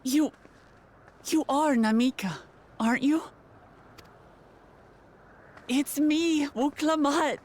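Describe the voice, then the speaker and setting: An earnest, hopeful young woman warrior in a video game. She speaks in a high voice, slowly and gently, reassuring someone she knows. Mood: tender.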